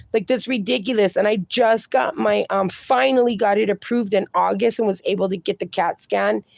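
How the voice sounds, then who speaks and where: A woman's voice: medium pitch, gravelly, no echo. A woman hosting a casual livestream, reading viewer comments aloud and chatting, swearing freely. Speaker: livestream host reading chat.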